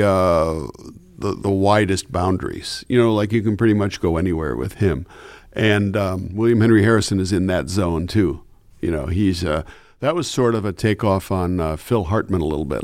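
An animated male radio announcer chats as a guest and tells his stories with energy. His voice sits low, and the recording is dry and close. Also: normal speed, no echo. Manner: animated, chatty, slips into voices. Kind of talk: casual interview chat.

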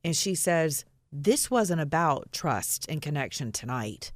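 A woman's voice: sits low, sing-song, unhurried, no echo. A woman co-hosting a radio talk show, bold and joking as she chats on air. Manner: bold, joking, laughs often. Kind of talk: casual on-air chat.

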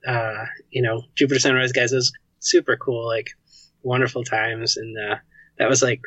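A man being interviewed, chatting easily with plenty of "like" and "you know". His voice is bright and forward, and the dry, close sound is muffled and lo-fi. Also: mid-range voice, flat delivery, normal speed, no room sound. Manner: laid-back, chatty, lots of "like" and "you know". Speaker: guest, game developer and musician. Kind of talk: casual interview chat.

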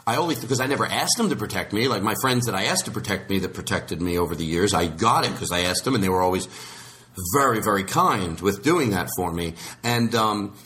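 A man's voice: lowish voice, expressive, brisk, a bit bright, slight background noise. A man hosting a podcast in casual chat, rambling and restarting his sentences, slipping into voices when he quotes people. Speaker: podcast host.

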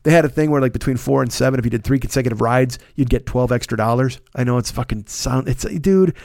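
A man's voice: mid-range voice, quick pace, gravelly, a little mellow, no room sound, clean studio sound. A middle-aged man hosting a podcast, telling a long rambling story in a casual, profane, self-deprecating way while worn out from being sick. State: worn out and recovering from illness. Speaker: podcast host.

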